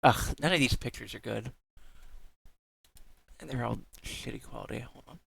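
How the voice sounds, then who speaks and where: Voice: mid-range voice, moderate pace, vocal fry, a bit bright, slightly rough, dry recording. A young adult live streamer chatting casually, giggling often, gushing over cute pictures and swearing freely.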